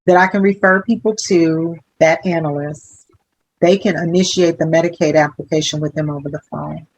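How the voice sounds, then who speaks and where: A woman hospital social worker, a guest in a conversational interview, explaining things in a measured way with some fillers. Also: deep voice, steady tone, rough recording.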